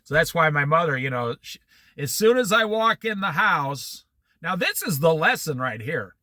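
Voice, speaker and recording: A man leading a Bible study, telling a family anecdote with animated storytelling and frequent laughter. His voice is high, very bright, and sharp. The recording is dry and close. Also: normal speed, no room sound.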